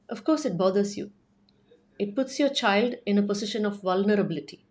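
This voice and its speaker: A woman speaks earnestly, pressing her points through a string of rhetorical questions. Her pitch sits at a middle height for a woman, and her delivery is urgent and persuasive. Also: fairly quick, darkish tone. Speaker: child safety advocate speaking to parents.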